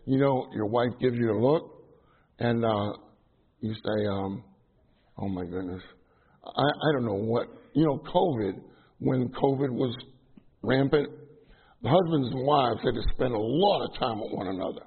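In a husky, medium-pitched voice at a measured pace, a middle-aged man delivers a casual sermon to a live audience while teaching trainees as a minister. He's chatty and pokes fun at himself, with lots of fillers and restarts, all captured in tinny, phone-like sound.

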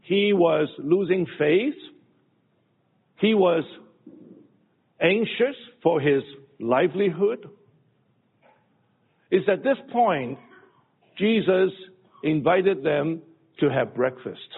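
Man preaching slow n halting, bit high voice, gravelly, sounds like a phone recording. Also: animated. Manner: slow, halting delivery with many pauses and restarts. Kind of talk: sermon. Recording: phone-like lo-fi audio with long hall reverb.

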